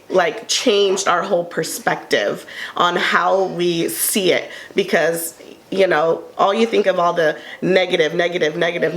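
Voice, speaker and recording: A woman co-hosting a casual table talk, telling a heartfelt personal story in an earnest way with many pauses and ums. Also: on the low side. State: tearful at moments. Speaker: panel co-host sharing her story.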